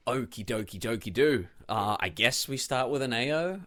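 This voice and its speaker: A man's voice: mid-range voice, moderate pace, faint music behind. Guy cohosting a dnd podcast, jokey, voice jumps up and down a lot. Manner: jokey, laughing, animated. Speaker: podcast co-host and game master. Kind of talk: casual banter.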